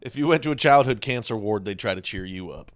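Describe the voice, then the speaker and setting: A man's voice: on the low side, expressive, fast talker, dry recording. A man co-hosting a casual podcast, trading dry jokes and laughing at his own lines. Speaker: podcast co-host.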